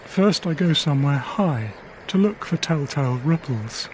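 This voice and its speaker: A man, a wildlife cameraman from England, narrating his diary in a quiet, measured, reflective documentary voice. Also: a little high, lively intonation, slight background noise. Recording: faint river ambience behind.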